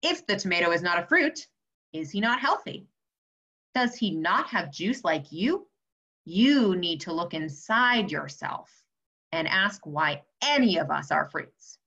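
Old man produce, wise riddling sage, kinda deep and slow, lady doing the voice, lively ups and downs. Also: heavily acted. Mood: solemn. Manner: slow, grand, riddling speech. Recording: slightly dull lo-fi audio.

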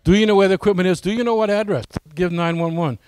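A man's voice: sits high, fast, darkish tone, clear, resonant tone. A man giving a casual, folksy presentation to his flying club, often asking the audience questions.

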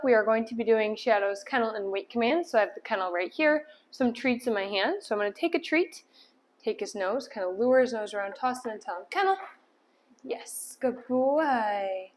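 High-voiced woman coaching dog training. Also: animated, brisk, slight background noise. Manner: explains steps between short commands to a dog; upbeat praise, firm cues. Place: indoor room with dogs.

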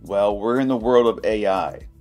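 A man's voice: fairly low pitch, normal speed, darkish tone, soft background music. A man hosting a casual product review, talking in a chatty, anecdotal, informal way.

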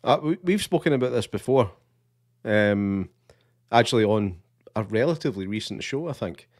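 A man with a Scottish accent, co-hosting a casual podcast, relaxed and hesitant, with dry humour. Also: on the low side, normal speed, no room sound. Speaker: podcast co-host.

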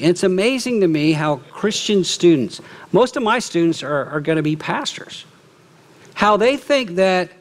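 A middle-aged man preaching a sermon as lead pastor, lively, often acting out quoted remarks. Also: fairly high pitch. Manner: animated, acts out quoted speech. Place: church.

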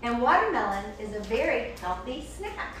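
High-voiced, animated woman reading to kids. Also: normal speed. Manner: animated, playful, talks to a puppet and the kids. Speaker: children's story reader and show host. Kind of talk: reading a picture book aloud to children. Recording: echoey room, distant mic, faint hiss.

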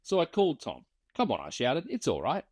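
A man's voice: fairly high pitch, wildly swooping pitch, a little fast, dry recording, voice pushed up. A man voicing Mitchell, a weathered bushman telling a dry, wry yarn in a storybook reading. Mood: drawling yarn. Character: weathered male bushman spinning yarns.

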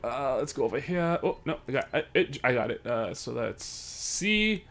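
A man's voice: medium pitch, sing-song, normal speed, fairly bright tone. A young man, commenting on a horror game he is playing, joking around and swearing when he gets scared. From Sudbury, Canada. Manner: jokey, swears, panics and yelps when scared. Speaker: let's play host.

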